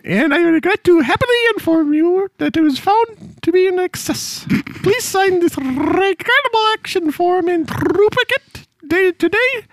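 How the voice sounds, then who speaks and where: A prissy, fussy HR officer with a very high, sing-song woman's voice, put on by a man. She reads out company rules in stiff, mock-formal phrasing. The sound is close and dry. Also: animated, measured pace, no room sound, heavily acted, poor audio. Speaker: podcast co-host. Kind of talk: improvised comedy sketch.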